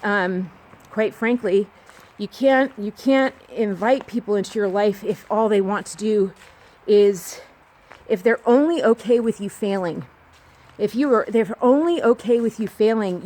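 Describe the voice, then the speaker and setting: Woman, vlogger, outdoor walk, phone mic, rambling, earnest, restarts often, mid pitch. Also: measured pace, darkish tone. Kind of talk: candid personal monologue.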